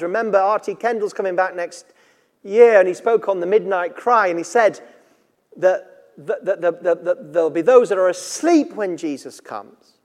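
A preacher with a notably high voice talks earnestly and conversationally, drifting into stories from his own life. His words ring out with a long reverb, as if from a big hall. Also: darkish tone. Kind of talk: sermon.

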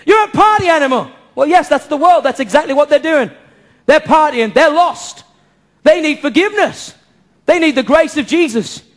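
A man preaching a sermon to a church congregation, impassioned, firing off rhetorical questions and breaking into shouts. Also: very high-pitched, expressive, moderate pace. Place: church service before a congregation.

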